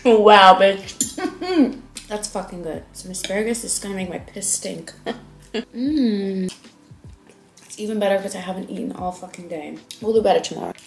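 A woman in her twenties from the Netherlands, chatting candidly in a vlog from a hotel room. She swings between loud exclamations and hushed asides. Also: medium pitch, a little fast, vocal fry, roomy sound, faint music behind. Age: 20s. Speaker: vlogger. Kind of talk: casual candid vlog chat. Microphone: handheld vlog camera.

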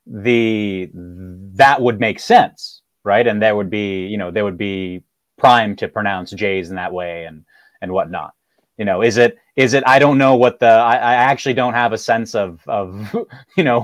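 A man with a lowish voice works through his thoughts slowly, hedging and restarting as he goes. His voice is dry and close, with no room echo. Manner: hesitant, rambling, many fillers. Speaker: panelist. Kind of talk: casual discussion.

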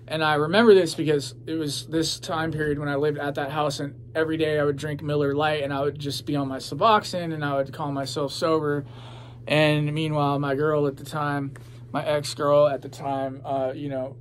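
Rambling, profane man with a faint hum. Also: fairly high pitch. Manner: rambling, profane, lots of fillers. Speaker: vlogger telling his own story. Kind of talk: casual storytelling to camera.

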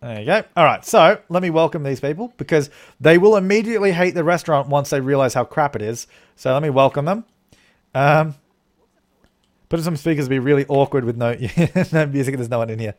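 An Australian man with a voice on the high side, talking a little fast, provides live commentary while streaming a game. He thinks aloud and rambles as he plays, thanking viewers for their donations.

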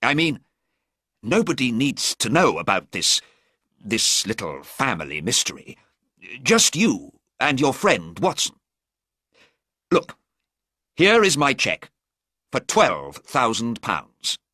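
A man's voice: mid-range voice, wildly swooping pitch, takes it slowly, long pauses, pushed and bright, no room sound, clean studio sound, voice pushed up, exaggerated voice. A man voicing a weary, proud old duke. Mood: strained. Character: tired, proud older nobleman.

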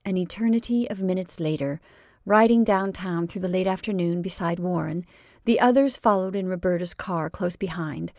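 A woman reading a classic short story aloud in a measured, expressive narration. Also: fairly low pitch, dry recording, studio quality.

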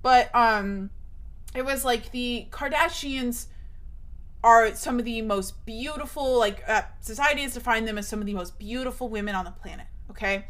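A woman's voice: a little high, normal speed, a bit bright. A young woman streaming, chatting casually, emphatic and swearing often, her voice shooting up when she gets worked up.

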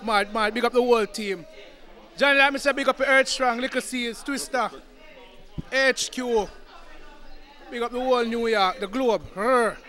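Brief: very high Jamaican man, shouted shout-outs, noisy crowd. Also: normal speed, long pauses.

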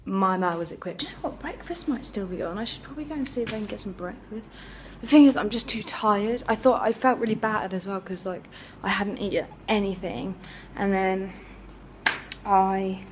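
Girl in her twenties rambling to her camera, mid pitch, bit of faint noise behind. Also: normal speed. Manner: chatty, rambling, lots of fillers. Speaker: vlogger. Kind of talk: casual chat to camera.

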